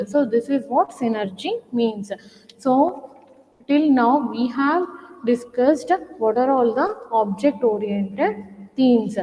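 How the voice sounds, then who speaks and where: A woman's voice: on the high side, a little mellow, lo-fi sound. A woman giving a recorded lecture, restating each point and asking rhetorical questions. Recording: long hall reverb.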